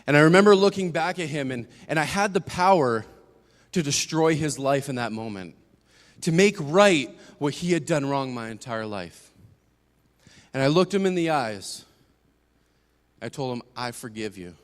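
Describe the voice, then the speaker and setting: A man's voice: a little high, expressive, normal speed. Earnest young man preaching testimony. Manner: earnest storytelling, swings from hushed to emphatic. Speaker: guest speaker giving testimony. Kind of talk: personal testimony sermon. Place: church sanctuary. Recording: long hall reverb.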